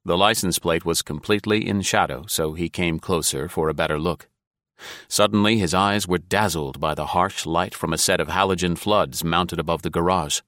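A male narrator with a very deep, low voice reads a thriller in a steady, measured way. The sound is close and completely dry, like a studio booth. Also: no room sound. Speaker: audiobook narrator. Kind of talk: scripted narration.

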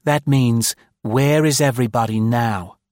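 A man voicing a sharp-tongued, shrewish society woman in an audiobook, with a crisp, sarcastic manner. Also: medium pitch, unhurried, no echo, studio quality, voice pushed up, close to an everyday voice. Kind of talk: audiobook character voice.

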